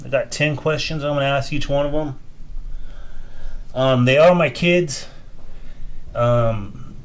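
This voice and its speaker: A man in his forties hosting a casual podcast, talking loosely with plenty of swearing and turning quietly emotional at times. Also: mid-range voice. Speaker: podcast host.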